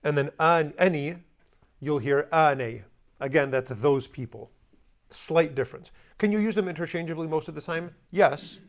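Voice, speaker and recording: A man teaching a language class, explaining grammar in a conversational way and slowly repeating example words. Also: a little high. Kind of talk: classroom lesson.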